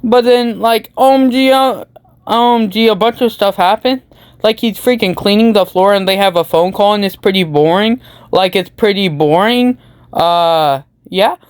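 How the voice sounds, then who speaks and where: A woman's voice: mid-range voice, moderate pace, smooth, no room sound. Goofy rambling woman recapping a movie. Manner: rambling, goofy, meme slang. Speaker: YouTube commentator.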